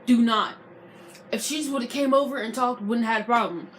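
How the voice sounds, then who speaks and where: Young woman vlogger, lively slangy storyteller, slightly high voice, faint background hum. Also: quick pace. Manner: animated, slangy, re-enacts arguments. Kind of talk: casual storytime vlog.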